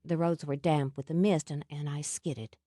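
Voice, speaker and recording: Proud young witch voiced by a woman, tight-lipped and defensive, low and dry. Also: steady tone, moderate pace, warm tone, dry recording. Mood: wry.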